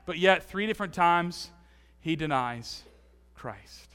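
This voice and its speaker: A man with a high, bright, smooth voice delivers a sermon in a church. He shifts between loud bursts and near-whispers while playing the people he quotes. The sound carries a long hall reverb. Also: slow pace. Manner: animated, acts out quoted voices, swings from loud to hushed. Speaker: pastor.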